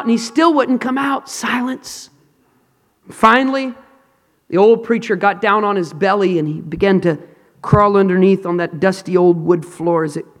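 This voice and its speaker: Male preacher, high voice, dramatic hushed-to-loud delivery, long hall reverb. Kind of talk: sermon. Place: large hall with an audience.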